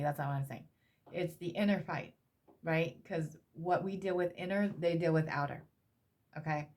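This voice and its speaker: Emotional tarot reader woman, low-pitched. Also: a little mellow. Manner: emotional, repetitive, swears casually. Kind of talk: tarot reading.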